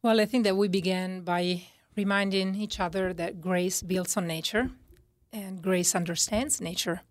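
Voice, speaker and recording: A woman with an Italian accent, a religious sister speaking as a guest on a radio talk show about faith, reflective and measured. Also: lowish voice, steady tone, no echo.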